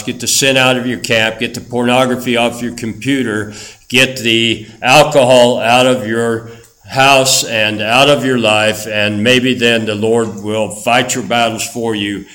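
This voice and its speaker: A middle-aged pastor delivers a fervent sermon in a bright, forceful voice. His pitch sits in an ordinary male middle range. He hammers home each point through emphatic repetition. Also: poor audio.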